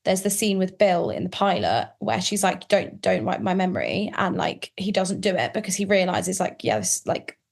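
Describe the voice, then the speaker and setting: A woman guesting on a podcast, talking casually and excitedly, with lots of filler words. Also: mid-range voice, normal speed, few pauses. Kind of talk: casual chat.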